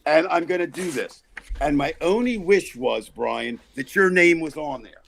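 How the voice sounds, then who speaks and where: A man hosting a comedic political chat show, loudly mocking and exasperated as he rants. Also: a little high, lively intonation, unhurried, creaky. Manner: loud, mocking, exasperated ranting. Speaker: podcast host.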